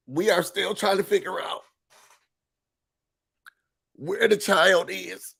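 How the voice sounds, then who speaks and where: Man, deadpan comic host, slow and slightly high. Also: gravelly. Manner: deadpan, faux-serious, with mock-emotional breaks. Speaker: host of a mock office meeting. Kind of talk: comedic mock corporate briefing.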